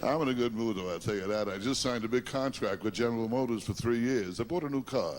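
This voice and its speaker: A man from Long Island doing a stand-up routine, complaining about himself in quick self-deprecating one-liners. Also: medium pitch. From Long Island, New York. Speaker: stand-up comedian. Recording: noisy live recording.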